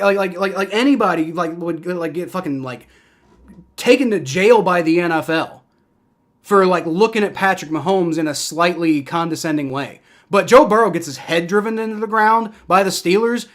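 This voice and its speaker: A man with a slightly high voice calls a football game live as a fan. He rambles and swears constantly. He drifts between worried, low mumbling and loud, furious ranting. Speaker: fan livestream commentator. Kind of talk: live reaction and play-by-play.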